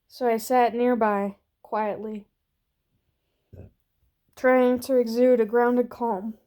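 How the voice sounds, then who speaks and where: A woman reading a story aloud in a slow, soft, gentle voice that sometimes drops to a hush. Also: a little high, flat delivery, clean tone. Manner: slow, soft and gentle, dropping to hushed whispers. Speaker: reader.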